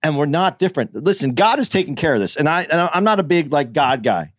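A man's voice: fairly high pitch, sing-song, fast talker, no room sound. Guy on a podcast explaining his point, earnest, keeps restarting, dry sound. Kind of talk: casual chat.

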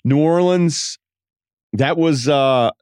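A man's voice: fairly high pitch, slow, darkish tone, smooth, no room sound, clean studio sound. A man hosting a podcast, telling rambling, self-deprecating stories in a casual way. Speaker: podcast host. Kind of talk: casual storytelling monologue.

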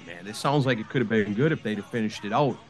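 A man's voice: fairly low pitch, fast talker, faint music behind. A man in a casual chat, talking in a reflective, easygoing way.

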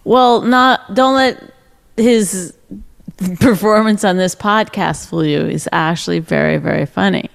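A woman's voice: mid-range voice, unhurried, gravelly. A woman co-hosting a podcast, chatting casually with teasing, dry humor. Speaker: podcast co-host. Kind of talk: casual chat.

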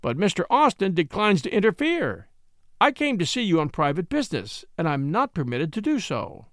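A man's voice: sits high, very animated, moderate pace, a bit bright, dry recording, clean studio sound. A man voicing a genial, amiable young lawyer, speaking politely in an audiobook reading. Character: genial young male lawyer stuck up a ladder.

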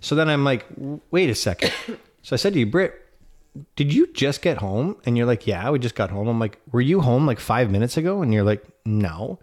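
A man's voice: mid-range voice, animated, brisk. A man in his thirties casually telling a spooky family story as a podcast co-host, acting out the quoted lines and swearing now and then.

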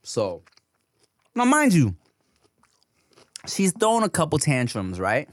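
Lively, cussing young dad telling a story. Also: male voice, on the high side, slow, no echo, studio quality. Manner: animated, profane, laughs often. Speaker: podcast co-host. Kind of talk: casual storytelling chat. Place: podcast studio.

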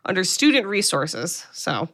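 A woman's voice: lowish voice, very animated, a little slow, fairly bright tone. A woman co-hosting a podcast in casual chat, retelling a film's plot in a chatty way, swearing casually and quoting characters with small voice shifts. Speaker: podcast co-host.

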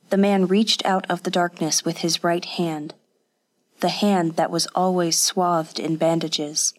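A woman reading a story aloud in steady, measured narration. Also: fairly low pitch. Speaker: audiobook narrator. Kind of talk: scripted narration.

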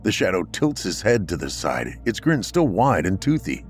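A man narrating a scripted story in a dramatic, expressive reading. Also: deep voice, moderate pace, hardly any pauses, faint music behind.

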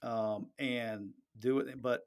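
A man's voice: mid-range voice, fairly even intonation, slow, a little mellow, smooth. A man hosting a podcast, talking sports in a blunt, emphatic, profane way and often checking "okay?". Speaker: podcast host. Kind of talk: casual sports talk.

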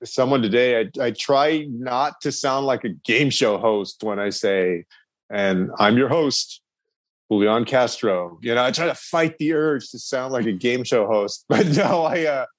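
A man in his forties from Texas, chatting as a guest in an earnest, measured way and laughing easily. His pitch sits mid-range for a man. The sound is dry and close, with no room around it. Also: no echo. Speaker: podcast guest. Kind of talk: casual chat.

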